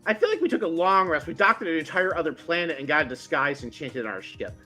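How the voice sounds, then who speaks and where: A tabletop game player in casual chat who talks in an animated, teasing way and often restarts sentences. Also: mid-range voice, quick pace, soft background music.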